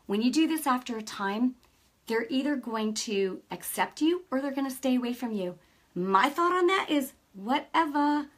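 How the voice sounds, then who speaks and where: A middle-aged woman giving a casual faith talk, telling stories with lively energy and often checking in with her listeners. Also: on the high side, normal speed. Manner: lively storytelling, acts out quoted dialogue; peppers speech with "right?" and "you know". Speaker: Christian speaker.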